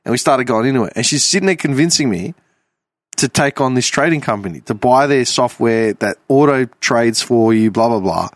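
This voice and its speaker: A man hosting a podcast, telling a story in an animated, casual way with some swearing. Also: mid-range voice, dry recording, studio quality. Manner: animated, swearing, quick bursts of laughter. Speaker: podcast host.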